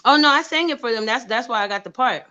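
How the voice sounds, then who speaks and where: A woman's voice: on the high side, quick pace, muffled recording. A woman from New York, an actress and producer, telling stories in a casual interview and acting out the voices of the people she quotes. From New York, USA. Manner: animated, acts out quoted voices.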